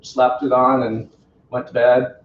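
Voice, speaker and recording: A man's voice: mid-range voice, flat delivery, unhurried, a little hiss or hum. Man laughing through a story, far off. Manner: chatty, self-deprecating, laughs often, quotes others. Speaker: company representative telling his story. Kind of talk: casual storytelling to a small group. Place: living room in a home. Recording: roomy, distant, dull home video.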